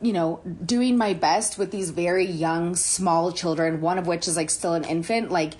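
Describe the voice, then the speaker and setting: A woman's voice: lowish voice, fairly even intonation, normal speed, a little mellow. A woman in her thirties co-hosting a podcast, talking candidly in casual chat, swearing and laughing often. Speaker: podcast co-host.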